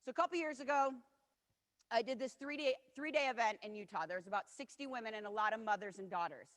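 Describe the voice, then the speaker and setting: In her forties and giving an inspirational keynote, this woman speaks quickly in a fairly high, bright voice. Her storytelling is personal and earnest, she acts out others' words, and the hall adds long reverb.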